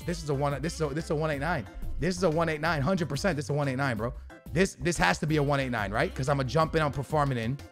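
A young man giving casual, slangy commentary on a video game, bursting into shouts at big moments. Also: mid-range voice. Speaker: gaming YouTuber.

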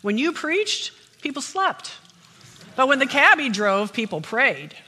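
A woman's voice: high voice, very animated, a little slow, noisy background, voice pushed up. A woman voicing Saint Peter as an older man at heaven's gate, delivering a joke in a dry, matter-of-fact way. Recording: long church hall reverb.

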